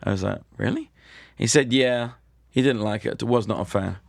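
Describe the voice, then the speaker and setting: Dry-witted British man telling stories, gravelly. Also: on the low side, normal speed, dry recording. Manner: dry, self-deprecating storyteller. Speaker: guest comedian and magician. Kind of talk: casual anecdote telling.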